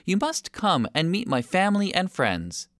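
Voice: medium pitch, huge pitch swings, normal speed, no room sound, clean studio sound, pitched above the performer's own voice. A reader voicing a tiny, kind and cheerful young female turtle in a storybook read-aloud. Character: tiny friendly hurt sea turtle girl.

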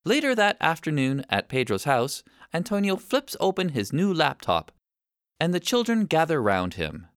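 A man narrating a children's story with an expressive reading. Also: a little high, normal speed, smooth, dry recording, studio quality.

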